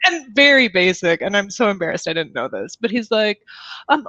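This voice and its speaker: Animated American woman telling stories. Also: mid-range voice, moderate pace, dry recording, highs cut off. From United States. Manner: animated storyteller, laughs often. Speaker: guest, improv performer. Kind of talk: casual interview chat.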